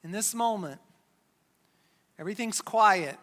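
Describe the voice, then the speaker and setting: A pastor preaching a sermon, retelling a scripture story with dramatic pauses and dropping low for emphasis. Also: fairly bright tone. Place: church sanctuary. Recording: long church hall reverb.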